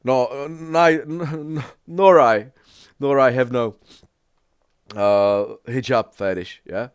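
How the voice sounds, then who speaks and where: A man with English as a second language, sick, giving halting casual reaction commentary and often asking "yeah?". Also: mid-range voice, clear, resonant tone, no room sound, clean studio sound. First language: not English. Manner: halting, repeats words, asks "yeah?" often. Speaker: reaction video creator.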